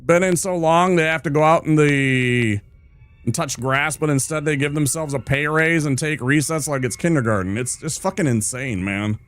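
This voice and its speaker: A man's voice: a little high, normal speed, a bit bright. A male streamer ranting hard with heavy swearing while he plays a game. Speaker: gaming streamer.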